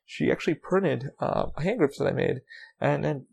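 A man's voice: a little high, normal speed, creaky, a little mellow, breathy edge. A man hosting his own podcast, rambling through a solo monologue, swearing constantly and speaking from the heart. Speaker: podcast host.

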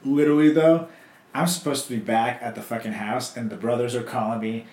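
A young man hosting a casual chat, telling stories in an animated way, swearing and acting out quotes. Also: medium pitch, a little fast, echoey room.

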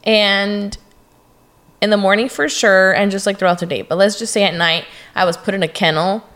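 A woman co-hosting a podcast in casual chat, talkative and quick to jump in with her opinions. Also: medium pitch, fairly even intonation, fairly bright tone. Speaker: podcast co-host.

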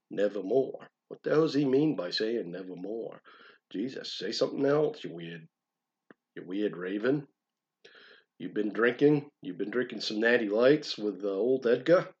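A man's voice: on the low side, lively intonation, a little slow, highs cut off. A man with a Maine accent giving a comic dramatic poetry reading, switching between overblown recitation and crude asides. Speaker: poetry reader.

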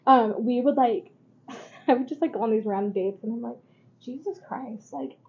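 Giggly high-voiced woman, casual swearing. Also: fairly quick, darkish tone, slight background noise. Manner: laughs often, swears freely, acts out quotes. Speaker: podcast co-host. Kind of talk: casual chat. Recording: dull lo-fi recording.

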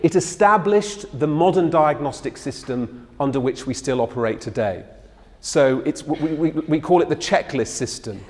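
A man's voice: fairly high pitch, lively intonation, moderate pace, darkish tone. Male lecturer telling stories in a hall. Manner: conversational storytelling, acting out quoted speech. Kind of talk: public lecture with anecdotes.

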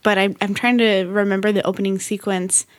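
A woman's voice: mid-range voice, little pitch movement, a little fast, dry recording. A woman co-hosting a casual podcast, talking in a thoughtful, slightly hesitant way. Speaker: podcast co-host.

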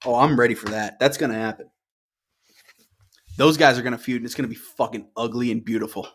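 A young man co-hosts a laid-back podcast and chats about the latest matches. He is loose and profane and builds excitement as he goes. He often keeps talking right over his co-host. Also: medium pitch, fast. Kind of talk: casual wrestling podcast chat.

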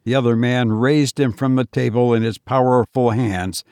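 A man narrating a story in a measured reading. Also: medium pitch, fairly even intonation, a little mellow, clean tone, no echo, clean studio sound. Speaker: audiobook reader. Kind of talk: scripted narration.

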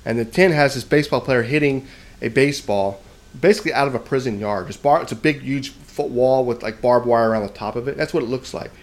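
A man's voice: medium pitch, a little fast, slight background noise. Man, casual podcast storyteller; rambling, self-deprecating, keeps tagging "right?". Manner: rambling, self-mocking, often adds "right?". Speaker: podcast co-host telling a story.

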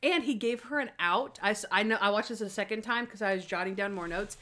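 A woman's voice: medium pitch, fast talker. A young adult woman co-hosting a casual podcast, animatedly recapping a TV episode and acting out the characters' lines. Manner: animated, acts out characters' lines in quoted voices. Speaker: podcast co-host. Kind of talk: casual chat reviewing a TV episode.

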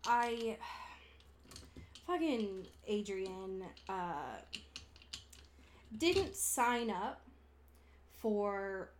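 Slow-talking young woman co-host. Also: medium pitch, very animated, slight background noise. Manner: unhurried, thoughtful, fillers like "um". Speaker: podcast co-host. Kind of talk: casual chat recapping a show.

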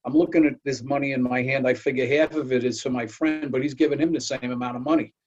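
A man's voice: mid-range voice, steady tone, quick pace, darkish tone. An older man hosting a talk, telling folksy anecdotes and often repeating words as he goes. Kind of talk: storytelling chat. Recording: dull lo-fi audio.

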